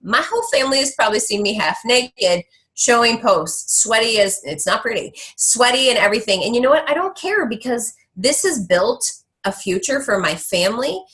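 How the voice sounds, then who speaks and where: Woman hyping up her team, super lively voice, a bit high, blunt and slangy. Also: normal speed, poor audio. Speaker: guest speaker on a team call. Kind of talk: motivational talk.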